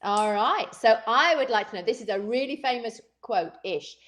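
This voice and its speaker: A woman chats and giggles her way through a live cocktail show as co-host. Her pitch sits a little high and bounces all over the place. The sound comes from a roomy, echoey space. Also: moderate pace. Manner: giggly, chatty, lively. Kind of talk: casual chat. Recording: echoey room.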